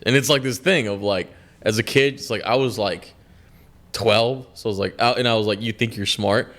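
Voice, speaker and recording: A man's voice: fairly low pitch, fairly even intonation, moderate pace, fairly bright tone. A man in his twenties co-hosting a podcast, chatting casually in a rambling, profane way and laughing often. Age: 20s. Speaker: podcast co-host. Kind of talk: casual chat.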